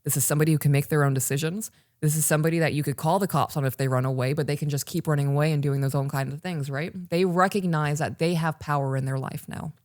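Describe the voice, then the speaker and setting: Low-voiced woman, emphatic podcast host. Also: steady tone, quick pace, few pauses, a little mellow, no echo, studio quality. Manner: emphatic, talks straight to the listener. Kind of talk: casual parenting podcast talk. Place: recorded live for online patrons.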